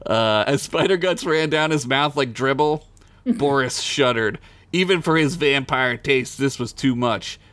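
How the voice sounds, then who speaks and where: Guy reading his dirty funny story out loud, cracks himself up, dry sound. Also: medium pitch, a little slow, dry recording. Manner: crude jokey reading, breaks into laughter. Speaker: podcast co-host reading his own comic story.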